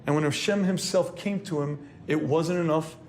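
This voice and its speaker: A rabbi delivers a sermon, a man with a somewhat high voice speaking in an earnest, lecturing way. He clears his throat often between phrases. Faint noise sits under the recording. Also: normal speed, a little mellow.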